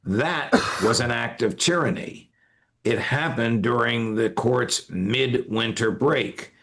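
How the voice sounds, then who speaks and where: An older male legal commentator with a gravelly, fry-edged voice at a middle pitch. He talks in a measured way, pausing often as he lays out his points. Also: fairly bright tone. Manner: measured, with frequent "uh" pauses. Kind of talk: interview conversation.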